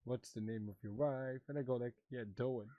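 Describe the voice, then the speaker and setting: A man's voice: mid-range voice, moderate pace, no echo, muffled recording, lightly acted. A man playing tribesman Mato, dry and close. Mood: bemused. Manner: broken English, animated retelling with quoted voices. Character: Wapiti tribesman Mato, married man, playful storyteller. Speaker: roleplayer in a western game. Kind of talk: in-character roleplay chat.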